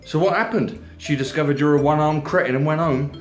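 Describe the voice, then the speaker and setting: A man's voice: a little high, brisk, faint music behind, voice pushed up, natural voice. A man voicing a cheeky young man who teases his friend with pushy questions, in an echoey room. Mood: teasing. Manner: teasing, prodding questions.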